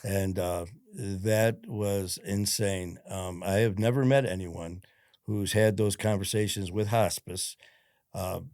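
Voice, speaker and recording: A man with a lowish voice tells his story as a podcast guest. He is blunt and swears freely, slipping into the voices of the people he quotes. The recording is close and dry, with no room sound. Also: slow pace, darkish tone, dry recording. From Detroit, USA. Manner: blunt, profane, retells events with quoted dialogue. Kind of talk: casual interview storytelling.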